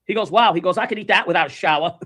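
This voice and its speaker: Fast-talking man telling a story. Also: sits high. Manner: animated, acts out quoted voices. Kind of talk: casual storytelling.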